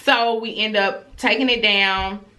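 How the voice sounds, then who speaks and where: A woman in her thirties tells a storytime to her viewers with a bright, forceful voice. She talks casually and animatedly, acting out her children's voices along the way. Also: mid-range voice, steady tone, a little slow. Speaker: vlogger telling a story.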